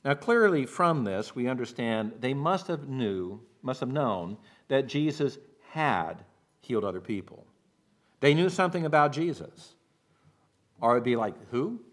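A man's voice: mid-range voice, animated, a little slow. Man preaching a Bible sermon in church, mid voice, acts out quoted lines. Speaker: pastor.

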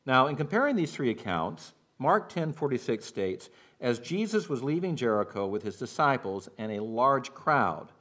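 A man's voice: medium pitch, very animated, moderate pace, hardly any pauses. Man preaching a verse-by-verse sermon. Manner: expository preaching, acts out shouted quotes. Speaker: pastor.

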